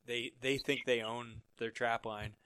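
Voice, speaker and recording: A man's voice: medium pitch, flat delivery, unhurried, sharp tone. A man hosting a casual interview, asking short questions and adding knowing asides. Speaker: host, interviewer.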